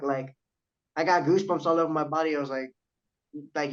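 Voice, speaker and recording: A young man tells a story on a casual podcast, eagerly acting out the other people in it and swearing freely. His voice sits a bit high. The recording sounds dull and lo-fi. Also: a little fast, pauses often. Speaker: guest, professional wrestler. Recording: dull lo-fi audio.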